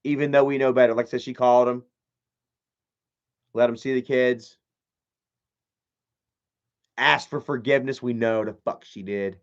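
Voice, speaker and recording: Profane, animated male streamer, lo-fi audio. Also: medium pitch, moderate pace, pauses often. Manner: profane, animated, mocking, reads chat aloud. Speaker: live streamer. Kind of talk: casual livestream commentary.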